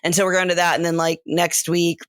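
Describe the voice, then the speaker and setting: A tired woman with a Southern US accent in her thirties, chatting loosely on a podcast. Her voice sits on the low side, and she drifts through long rambling stories, trailing off and starting over. The sound is close and dry. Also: flat delivery, brisk, clear, resonant tone, dry recording. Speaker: podcast co-host. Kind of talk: casual chat.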